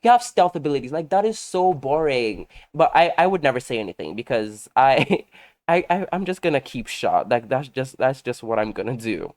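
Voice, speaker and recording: A man talking casually over his gameplay, telling gossipy stories in a sassy, animated way and laughing often. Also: mid-range voice, normal speed. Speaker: game content creator.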